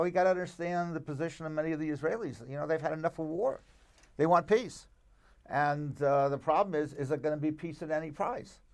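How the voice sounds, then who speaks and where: A man, a rabbi guest in a conversational interview, speaking emphatically and arguing with rhetorical questions. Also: on the high side.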